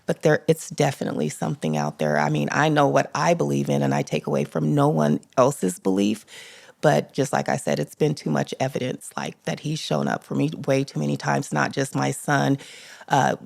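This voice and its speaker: A middle-aged woman guest on a podcast, talking earnestly and softly about grief and faith, her sentences trailing off. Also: deep voice, normal speed, creaky, dry recording, studio quality.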